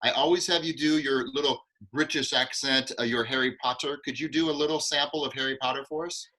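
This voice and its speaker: A man's voice: mid-range voice, fairly even intonation, a little fast, sharp tone, poor audio. A man hosting an online acting class over a video call, enthusiastic and encouraging.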